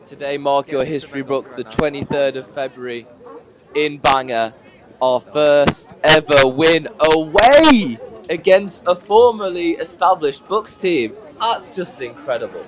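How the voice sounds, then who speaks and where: A man's voice: a little high, animated, measured pace, crowd noise. A man commentating on a university football game, earnestly wrapping up the broadcast outdoors. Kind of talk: sports commentary.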